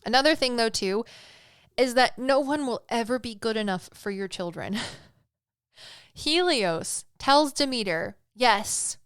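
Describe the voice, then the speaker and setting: A woman's voice: on the high side, expressive, measured pace, smooth, no room sound, studio quality. A young woman hosting a podcast, talking in a casual, chatty way with frequent laughs and restarts. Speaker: podcast host. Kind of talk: casual spoken commentary.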